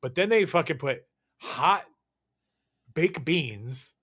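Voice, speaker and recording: A man's voice: fairly high pitch, lively intonation, slow pace, a bit bright, husky. A man co-hosting a casual podcast chat, ranting in a profane, emphatic way. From California. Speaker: podcast co-host.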